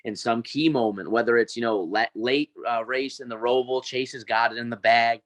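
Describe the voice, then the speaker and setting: A man with a mid-range voice co-hosts a casual podcast chat. He makes quick, wry remarks. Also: mid-range voice, fairly even intonation, a bit bright. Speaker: co-host.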